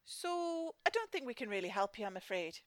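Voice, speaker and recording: A brisk, sarcastic dating agent with an Irish accent, as a woman acts her out, high-voiced and swooping. She delivers dry put-downs with a lively, rising and falling tone. The sound is close and dry. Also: dry recording. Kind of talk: comedy sketch acting.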